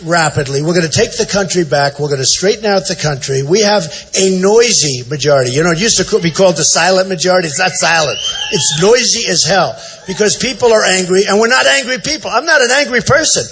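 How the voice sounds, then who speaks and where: Man in his 60s, political candidate, rambling and braggy rally speech with shouted lines, fairly high voice, faint background noise. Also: animated, fairly quick. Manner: boastful, repetitive, off-the-cuff; often shouting to the crowd. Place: large indoor event center.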